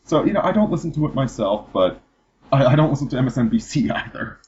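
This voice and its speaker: A man's voice: mid-range voice, very animated, fast, a little mellow. A man hosting a casual political chat, rambling and restarting his sentences with repeated words. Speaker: podcast host. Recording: dull lo-fi podcast audio.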